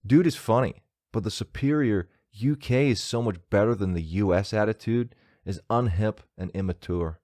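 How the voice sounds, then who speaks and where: A man's voice: fairly low pitch, normal speed, a little mellow, no echo, studio quality, lightly acted. A man with a northern English accent reading out a brash, snippy American reviewer in a put-on American accent, mockingly exaggerated.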